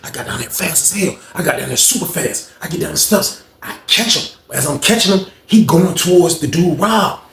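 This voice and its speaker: A man's voice: fairly high pitch, moderate pace, vocal fry, hardly any pauses, a little hiss or hum. A man telling a profane story casually, acting out the scene in an echoey room. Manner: animated, profane, acts out the scene.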